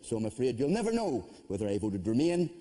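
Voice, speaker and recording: A man's voice: medium pitch, fast. A man hosting a comedy panel show, reading a teasing comic monologue with punchlines. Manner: lively, teasing delivery with punchlines.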